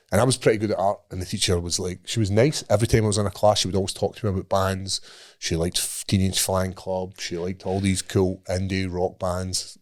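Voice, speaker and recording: A Scottish man co-hosting a podcast, telling a sweary, laughing anecdote and putting on the voices of the people in it. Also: low-pitched. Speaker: podcast co-host. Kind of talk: casual storytelling.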